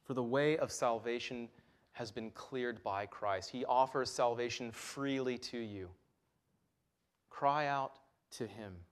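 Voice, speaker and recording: Male pastor, mid-pitched voice, emphatic sermon delivery. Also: slow. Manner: earnest, emphatic, voice rising and falling for stress. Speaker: preacher.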